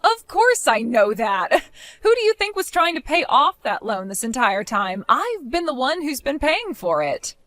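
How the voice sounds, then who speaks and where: A woman voicing a defiant, mocking young daughter-in-law in an animated story, speaking in a sarcastic way. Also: high voice, measured pace, exaggerated voice. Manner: sarcastic, mocking, laughs often.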